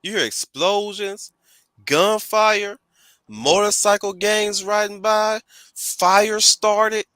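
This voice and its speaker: A man's voice: sits high, slow, pushed and bright, clean tone, no echo. A man hosting a casual manga read-along, talking animatedly and swearing freely. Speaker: host.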